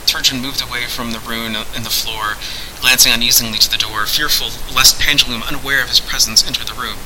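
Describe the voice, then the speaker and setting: A man narrating a fantasy story aloud in a measured, dramatic way. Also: mid-range voice, steady tone, bright, forceful tone, slight background noise, rough recording.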